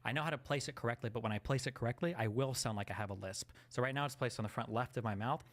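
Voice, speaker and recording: A man's voice: mid-range voice, very fast, fairly bright tone. A man who streams, talking casually in a rambling way with lots of fillers. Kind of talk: casual conversation.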